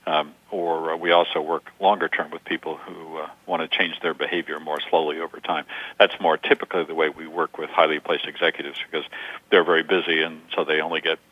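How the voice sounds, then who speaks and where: A man in his sixties, a communication coach, giving measured interview answers through stories and examples. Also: rumbling low, flat delivery, slightly rough, no echo. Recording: dull lo-fi sound.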